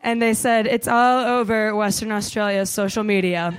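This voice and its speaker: A woman telling a comic travel story on stage, animated, swearing freely and saying "like" a lot. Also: medium pitch, moderate pace. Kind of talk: live comedic storytelling.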